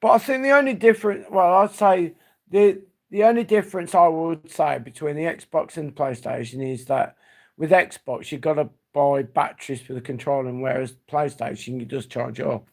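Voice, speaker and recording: A man with a gravelly voice, hosting a live stream and chatting loosely. He rambles from memory to memory, his sentences trailing off as he goes. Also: on the high side, moderate pace. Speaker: livestream host. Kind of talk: casual reminiscing chat.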